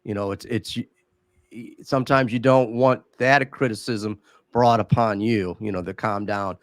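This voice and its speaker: A man's voice: fairly low pitch, steady tone, moderate pace, dry recording. Easygoing man co-hosting a podcast. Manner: easygoing, repeats words while thinking aloud. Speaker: podcast co-host. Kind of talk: casual podcast conversation.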